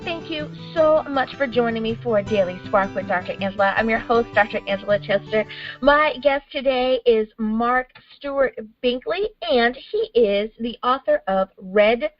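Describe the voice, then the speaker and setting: A woman's voice: fairly high pitch, normal speed, highs cut off, soft background music. A woman hosting a talk show interview, listening with frequent mm-hmms and taking the show to a break. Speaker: host.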